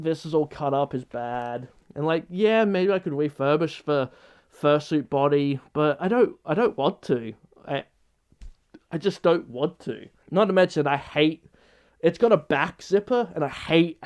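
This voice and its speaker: A man's voice: a little high, darkish tone. A man vlogging in an unscripted casual chat, rambling and hesitant with many restarts.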